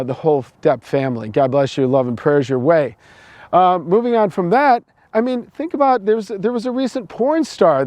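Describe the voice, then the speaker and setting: A man's voice: on the high side, darkish tone, no echo. A middle-aged man from the United States, giving a preachy opinion monologue full of restarts and repeated words. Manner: repetitive, preachy, stumbling restarts.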